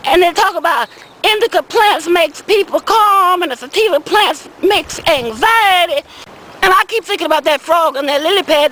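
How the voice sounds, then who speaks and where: As Uncle Dan, a woman voices an older, folksy Southern man who rambles on as a small-time weed seller, repeating "I said" and "see." The comic monologue is high-voiced and a bit bright, captured in low quality.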